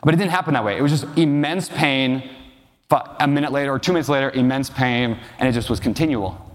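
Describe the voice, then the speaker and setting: Talking fast in a mid-range voice, a man speaks as a real estate investor in a large hall, sharing emotional stories from his own life and asking the audience questions. It's a storytelling keynote, recorded with long hall reverb.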